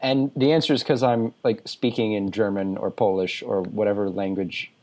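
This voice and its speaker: A man's voice: lowish voice, steady tone, normal speed, a little mellow. A man from Texas with a Texan accent, hosting a casual podcast chat in a laid-back, self-deprecating way. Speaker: podcast host.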